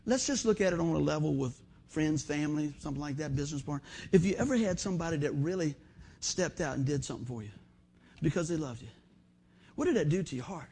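A man's voice: fairly high pitch, lively intonation, fast, mellow, husky. A man preaching a sermon in a folksy, storytelling way, often saying "man". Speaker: pastor.

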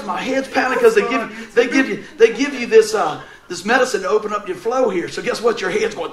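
A man's voice: very high voice, fast, hardly any pauses, reverberant, a crowd in the background. A man preaching a sermon, telling a funny personal story and laughing often as he goes. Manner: animated, laughing through funny stories. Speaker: pastor.

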